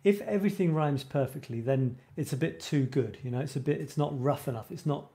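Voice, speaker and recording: On a live writing show, a male host talks a little fast in a slightly high, mellow voice. The live-stream chat is casual and wandering, full of sentences he abandons midway and moments where he laughs at himself.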